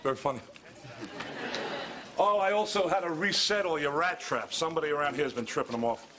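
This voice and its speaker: An actor playing an earnest male exterminator who is quick to take offense. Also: a little high, a crowd in the background, natural voice. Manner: earnest, touchy, conspiratorial. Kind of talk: sitcom acting. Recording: noisy TV episode with clicks.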